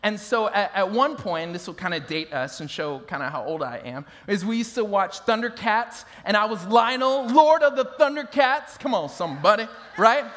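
A man in his thirties preaches to his congregation in a notably high voice. He tells family stories with easy humor and often breaks into laughter. His words ring out through a large, reverberant hall. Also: normal speed, hardly any pauses. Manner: animated storytelling, laughing with the crowd. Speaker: pastor. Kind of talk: sermon.

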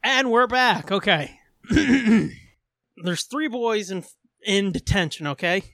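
A man's voice: sits high, expressive, slow, vocal fry, bright, forceful tone. A man hosting a podcast in casual chat, joking crudely and laughing often. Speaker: podcast host.

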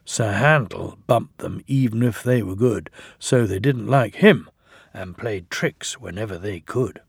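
A middle-aged man reads a children's storybook at an unhurried pace. His voice is gravelly and husky, and his pitch swings widely as he tells the story. The recording is close and dry. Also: no room sound. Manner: slow, animated storytelling. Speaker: audiobook narrator.

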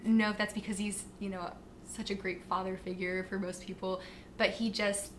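A woman guest on a podcast, chatting casually as a fitness and nutrition coach. She tells stories in an animated way, full of fillers and acted-out quotes. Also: medium pitch, moderate pace, a little hiss or hum. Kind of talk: casual interview chat.

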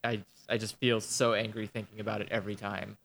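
A man's voice: on the low side, level tone, a little fast, creaky, fairly bright tone, slight background noise. A man in casual chat about video games, ranting animatedly and swearing a lot.

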